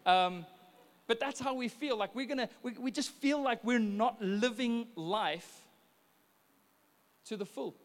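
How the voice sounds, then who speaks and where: High-voiced pastor, chatty. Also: male voice, unhurried, pauses often. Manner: chatty storytelling with frequent restarts. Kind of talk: conversational sermon. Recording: long reverb of a church hall.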